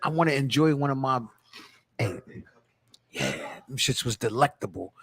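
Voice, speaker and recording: Lively playful male podcast host. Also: mid-range voice, moderate pace, husky. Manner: playful, profane, lively prompting of guests. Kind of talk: casual podcast hosting.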